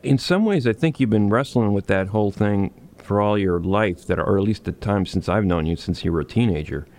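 A man's voice: fairly low pitch, brisk, darkish tone. A man interviewing a musician, building thoughtful, long questions in a casual conversational tone.

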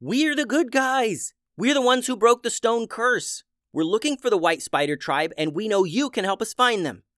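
A man doing a bold, high winged girl. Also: animated, moderate pace, few pauses, no echo, studio quality. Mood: urgent. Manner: shouting earnestly.

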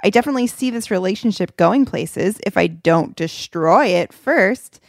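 A woman co-hosting a podcast, reading out a listener's letter in a wry, lively way. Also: mid-range voice, moderate pace, vocal fry, no room sound, studio quality. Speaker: podcast co-host.

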